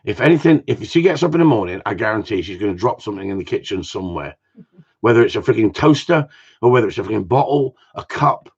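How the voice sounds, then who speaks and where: A man's voice: lowish voice, expressive, quick pace, breathy edge. A man from Cornwall, a gundog trainer, giving blunt, jokey advice in a casual live talk. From Cornwall, England. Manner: blunt, jokey, plain-spoken. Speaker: gundog trainer answering viewer questions. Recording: dull lo-fi sound.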